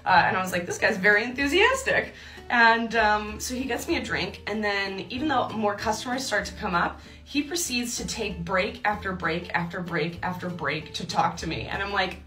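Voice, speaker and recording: A woman's voice: medium pitch, expressive, normal speed, pushed and bright, reverberant. A young woman telling a personal story in a chatty way, laughing often and acting out her own thoughts. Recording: distant mic with faint music.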